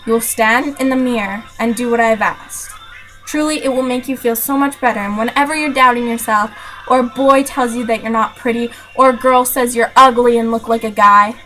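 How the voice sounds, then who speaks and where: A teenage girl speaks straight to camera in an earnest, emphatic pep talk, hammering her points home by repeating them. Her voice sits a little high. Faint music plays quietly under her voice. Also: poor audio. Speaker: vlogger. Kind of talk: motivational rant to camera.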